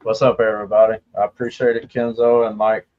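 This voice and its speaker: A man's voice: on the low side, flat delivery, fast talker. Humble guest man on dull call audio. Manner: humble, hesitant, many fillers. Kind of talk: casual livestream chat.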